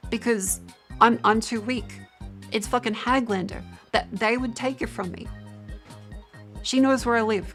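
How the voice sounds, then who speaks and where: A woman's voice: fairly high pitch, a little slow, a bit bright. Tired, joking Australian woman streamer. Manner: rambling, profane, self-mocking banter with chat. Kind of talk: casual livestream chat. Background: faint music.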